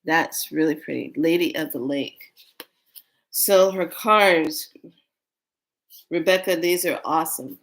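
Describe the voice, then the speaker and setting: A woman who reads oracle cards, telling a rambling, excitable story in a casual vlog. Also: low-pitched, slow, pauses often. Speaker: oracle card reader.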